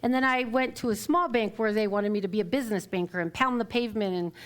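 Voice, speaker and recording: A woman's voice: mid-range voice, quick pace. A middle-aged woman minister giving a live storytelling sermon in church, acting out quoted voices and laughing as she goes.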